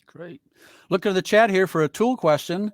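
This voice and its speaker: A man with a high voice moderates a webinar panel by video call, teasing his guests with jokes as he introduces them. He speaks at normal speed, recorded dry in studio quality.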